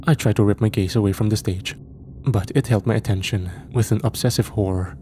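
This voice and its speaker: Man, low voice, dark mellow tone, measured grim horror narration, faint background hiss. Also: steady tone.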